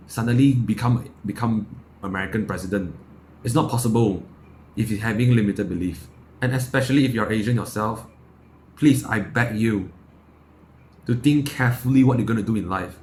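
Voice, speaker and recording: A young man from Malaysia gives a heated motivational rant, blunt and profane, stacking rhetorical questions and restarting words as he pushes his point. His voice sits on the low side. A faint noise floor hums under the recording. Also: darkish tone. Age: young adult. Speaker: self-improvement YouTuber. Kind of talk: impassioned motivational monologue to camera.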